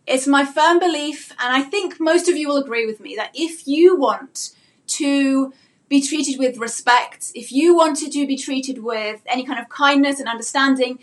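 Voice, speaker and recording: A woman with a high voice gives an earnest live-streamed talk to homeschooling parents. She asks her listeners many rhetorical questions. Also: fairly bright tone. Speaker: homeschooling mentor.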